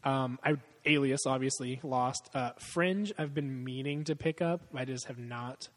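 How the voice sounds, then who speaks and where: A man with a medium-pitched, loose and unpolished voice chats casually about movies at a measured pace. He rambles, swears freely and often laughs at his own jokes, while a long reverb tail trails his words.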